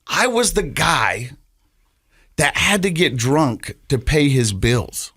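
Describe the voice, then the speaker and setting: A man's voice: on the high side, very animated, a bit bright, breathy edge, no echo. Earnest man telling a story, dry sound. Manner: earnest, halting storyteller who repeats words. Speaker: podcast co-host. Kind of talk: personal storytelling on a podcast.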